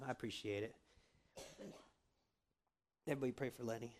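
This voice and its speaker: A man's voice: medium pitch, normal speed, long pauses, a little mellow. A man preaching a sermon in a casual, conversational way, often checking in with the congregation. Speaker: pastor.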